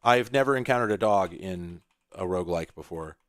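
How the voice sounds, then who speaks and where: A man's voice: low voice, moderate pace, no echo, clean studio sound. A man hosting a retro computing video, rambling in casual, profane commentary while he plays an old computer game, breaking into sudden exclamations.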